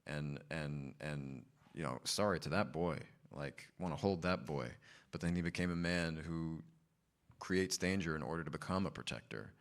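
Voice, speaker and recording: A man's voice: extremely low pitch, moderate pace. A man on a cast panel answering questions in a reflective, searching way, often breaking into laughter. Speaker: lead cast member on a panel.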